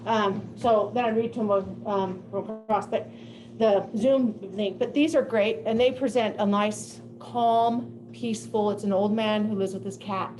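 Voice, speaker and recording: An older woman giving a presentation to teachers, telling classroom stories in a lively way and laughing often. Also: medium pitch, a little slow, a little hiss or hum, low-quality recording. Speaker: teacher of deaf students. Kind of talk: presentation to educators.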